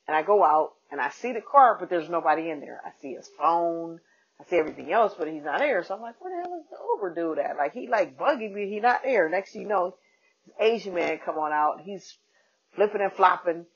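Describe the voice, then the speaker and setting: A woman comedian and podcast host telling a casual, animated story and acting out the people in it. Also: fairly low pitch, brisk, husky. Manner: animated, acts out quoted people. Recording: dull lo-fi podcast audio.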